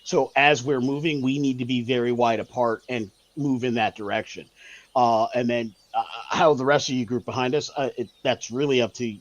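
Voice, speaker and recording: A man's voice: mid-range voice, fairly even intonation, moderate pace. A man playing a tabletop game, explaining a plan step by step. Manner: methodical, explains plans step by step. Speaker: player.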